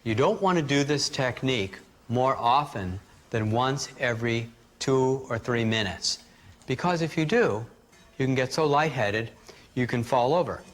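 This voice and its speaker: A man teaching a live workshop, calmly guiding a group through breathing exercises and demonstrating them aloud. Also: medium pitch, a little slow. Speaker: energy healing teacher.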